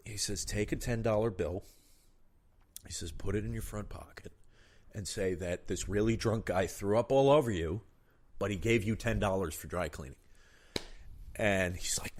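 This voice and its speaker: A man hosting a casual chat, telling crude jokes in an animated way and laughing at his own punchlines. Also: low voice, moderate pace, breathy edge. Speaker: podcast host.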